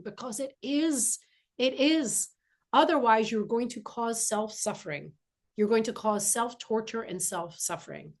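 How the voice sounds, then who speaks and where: A woman with a slightly high voice gives an earnest spiritual talk. She speaks emphatically and circles back to repeat her key phrases for weight. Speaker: spiritual teacher. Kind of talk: inspirational spiritual monologue.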